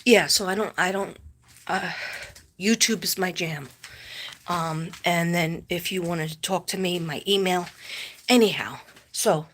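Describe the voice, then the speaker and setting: A woman's voice: fairly low pitch, unhurried, a bit bright. A woman hosting a casual livestream from home at night, rambling and self-deprecating, laughing often and sometimes dropping to a whisper. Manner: drops to a whisper at times. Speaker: live-stream host.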